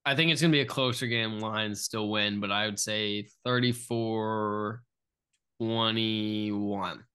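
A man's voice: on the low side, fairly even intonation, takes it slowly, bright, forceful tone, smooth. A young man co-hosting a sports podcast, talking casually, nervous and stammering, often repeating himself. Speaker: podcast co-host.

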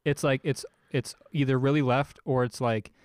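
A man's voice: medium pitch, steady tone, normal speed, no echo. Hesitant young man, dry close mic. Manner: hesitant, searching for words. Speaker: podcast co-host. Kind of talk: casual political chat.

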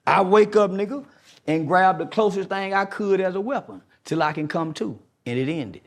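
High, gravelly man ranting hard. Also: lively intonation, normal speed. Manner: preachy, confrontational, repeats rhetorical questions; mocking impressions in a raised voice. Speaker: guest. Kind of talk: heated podcast interview.

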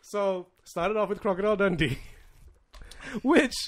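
A man's voice: high voice, a little slow. A man telling stories in casual chat, swearing a lot and laughing through his lines.

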